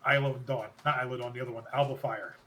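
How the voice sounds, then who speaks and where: A man's voice: mid-range voice, fast, a little hiss or hum. A man hosting a podcast, rambling through a wrestling recap and often correcting himself mid-sentence. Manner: rambling, self-correcting, excited recounting. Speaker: podcast host. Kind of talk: casual wrestling recap chat.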